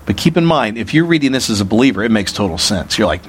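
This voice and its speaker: A man's voice: lowish voice, big pitch swings, quick pace, slight background noise. Conversational man preaching a sermon. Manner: conversational, with frequent restarts and asides. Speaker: pastor. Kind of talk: sermon, verse-by-verse Bible teaching.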